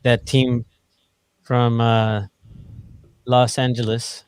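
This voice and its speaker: Podcast co-host, male, easygoing, mid-pitched voice, dry close mic. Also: level tone, drawn-out words, clear, resonant tone, no echo. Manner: laid-back, lots of fillers and laughs. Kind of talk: casual chat.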